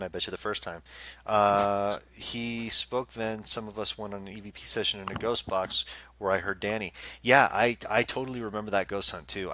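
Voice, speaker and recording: A man co-hosting a casual live chat show, telling stories in an animated way and acting out what people said. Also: on the low side, no room sound. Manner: animated storyteller, acts out quotes. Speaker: co-host and psychic medium.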